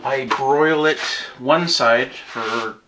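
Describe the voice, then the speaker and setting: A man's voice: mid-range voice, very slow, background noise. A middle-aged man chatting casually to camera for his off-grid cabin vlog, telling stories and laughing often.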